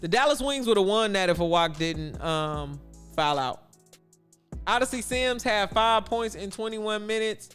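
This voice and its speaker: A man's voice: high voice, lively intonation, unhurried, fairly bright tone, soft background music. A man from Chicago hosting a casual sports livestream, chatty and answering his viewers' chat aloud. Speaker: livestream host.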